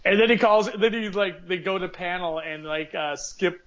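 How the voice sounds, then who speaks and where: A man's voice: sits high, normal speed, a bit bright. A man co-hosting a comedy podcast, chatting casually and trailing off mid-thought. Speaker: podcast co-host. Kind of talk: casual chat.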